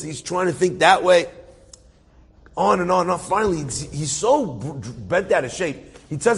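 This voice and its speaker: Husky-voiced rabbi telling a story in a hall. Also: male voice, on the high side, moderate pace. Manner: animated, acts out the characters' voices with rising emotion. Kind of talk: storytelling talk.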